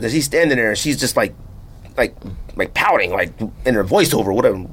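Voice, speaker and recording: A man ranting on a casual podcast, his voice swinging high and low as he talks. He keeps stacking fillers and asides and doesn't slow down. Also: slightly rough. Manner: animated ranting, frequent "like" fillers. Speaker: podcast co-host.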